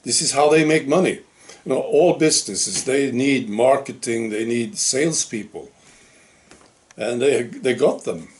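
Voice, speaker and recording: Middle-aged guy talking slow, halting monologue, stops and restarts a lot, average pitch. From Sweden. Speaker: commentary channel host. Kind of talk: casual monologue commentary.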